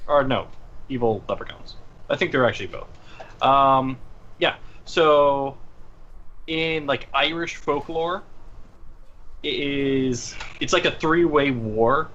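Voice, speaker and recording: A man's voice: mid-range voice, a bit bright. A man in casual banter as a player in a tabletop game livestream, opinionated, teasing and jokey. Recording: slightly dull, with faint hiss.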